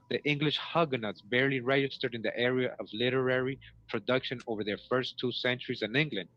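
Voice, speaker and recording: A man's voice: medium pitch, fairly bright tone. A man hosting a show, reading passages aloud and breaking in with commentary, often repeating words and checking in with listeners. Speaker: host. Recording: dull lo-fi recording.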